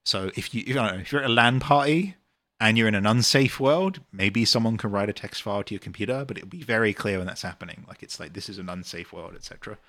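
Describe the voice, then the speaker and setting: British dev guy going through chat questions, lowish voice, dry close sound, lots of ums. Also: fast, a bit bright, no room sound. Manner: rambling, many ums and uhs, reads chat questions aloud. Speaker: game developer answering chat questions. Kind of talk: casual livestream Q&A.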